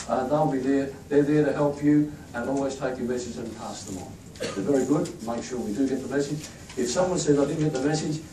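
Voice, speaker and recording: Warm and medium in pitch, a man's voice carries through an echoey room as the institute leader jokes and chats while introducing team members to a crowd at a staff event. The mic sits at a distance, and crowd noise is audible.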